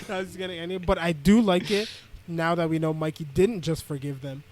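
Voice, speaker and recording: A man's voice: fairly high pitch, moderate pace. A young man co-hosting a podcast, recapping an anime casually and acting out the characters' lines as he goes. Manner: animated, acts out characters' lines mid-recap. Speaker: podcast co-host.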